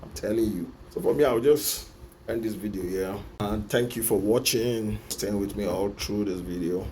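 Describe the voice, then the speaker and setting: A man's voice: fairly low pitch, normal speed, warm tone, slight background noise. A man with a Nigerian accent delivering an impassioned vlog monologue from his office, repeating his points with emphasis and slipping into Pidgin. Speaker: vlogger. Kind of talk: personal opinion monologue.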